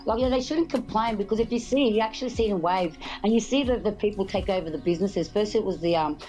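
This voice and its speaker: A woman's voice: mid-range voice, fast talker, dark tone, poor audio. Aussie woman chatting, rambling, restarts a lot, faint music behind. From Australia. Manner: rambling, restarts, frequent laughs. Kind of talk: casual chat.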